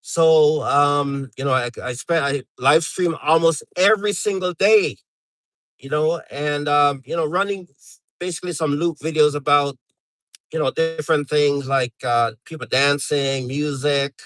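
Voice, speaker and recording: A man's voice: a little high, fairly even intonation, unhurried, a bit bright, no echo, rough recording. A middle-aged man from Canada chatting casually on a live stream, rambling with lots of fillers and restarts.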